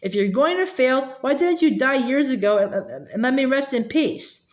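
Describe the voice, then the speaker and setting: A woman's voice: sits high, expressive, normal speed. A woman voicing the bitter, reproachful ghost of a dead father, stumbling a little over words.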